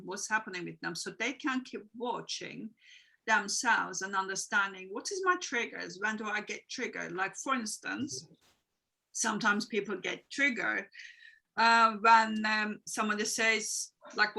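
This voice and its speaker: A woman's voice: mid-range voice, gravelly, sharp tone, rough recording. A woman coaching guest on a video call, explaining earnestly in long, repetitive sentences with small grammar slips. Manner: earnest, explanatory, repeats phrases, non-native grammar. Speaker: guest, emotional wellbeing coach. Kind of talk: interview answers.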